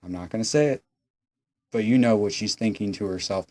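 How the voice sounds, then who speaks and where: A man's voice: lowish voice, a little fast, a little mellow. A young man hosting a casual, sarcastic, profane episode recap. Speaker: host.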